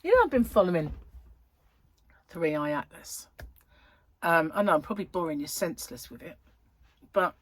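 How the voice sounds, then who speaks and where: A woman in her thirties chats casually to camera, rambling through her day with lots of fillers. Her voice is husky and sits fairly low, recorded close and dry. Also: lively intonation, moderate pace, long pauses, dry recording. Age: 30s. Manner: rambling and chatty, with frequent fillers. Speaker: crochet vlogger. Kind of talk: casual chat.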